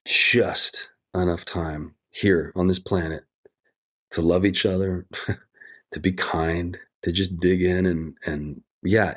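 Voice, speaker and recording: Interviewed as an actor, this middle-aged man from the United States speaks in a low pitch. His storytelling is reflective and earnest, stretched out by long pauses.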